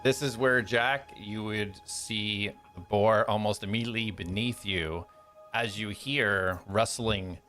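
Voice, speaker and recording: A man's voice: fairly low pitch, steady tone, a little slow, sharp tone, soft background music. A man narrating a tabletop game as game master, describing scenes loosely with many fillers.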